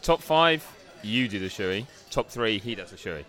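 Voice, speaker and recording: Man, wry, rambling storyteller, podcast co-host, low voice, bar setting. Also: expressive, moderate pace, sharp tone, faint music behind. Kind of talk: casual banter.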